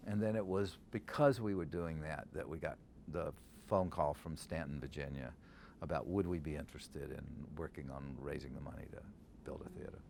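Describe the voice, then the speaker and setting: A man's voice: rumbling low, moderate pace, vocal fry, slight background noise. An older man, a scholar and theater director, answering interview questions and reciting verse lines to show how they are stressed. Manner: animated, quotes verse aloud to show stresses.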